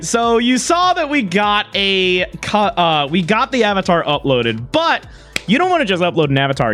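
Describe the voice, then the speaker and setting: Lively, excitable livestreamer. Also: medium pitch. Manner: excitable, laughing often, swearing casually. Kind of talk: casual livestream chat.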